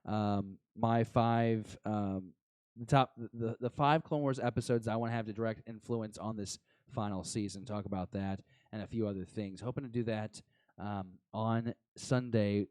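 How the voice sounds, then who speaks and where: A man's voice: fairly low pitch, a little mellow, clean tone, dry recording. A man hosting a podcast, rambling casually with lots of fillers and some self-deprecating jokes. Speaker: podcast host.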